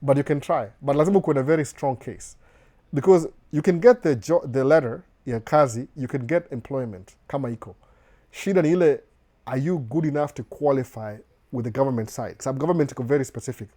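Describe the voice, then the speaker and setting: A man's voice: mid-range voice, brisk, mellow. A man from Kenya with a Kenyan accent and a slight American touch, hosting a live Q&A, reading viewer questions aloud and giving casual advice, often restarting his words. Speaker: host answering viewer questions. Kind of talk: live Q&A chat.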